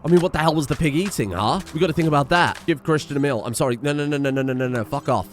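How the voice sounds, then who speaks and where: A man's voice: a little high, rapid-fire, faint music behind. A man giving exasperated, swearing let's-play commentary on a survival game and talking to the characters on screen. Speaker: gaming video creator.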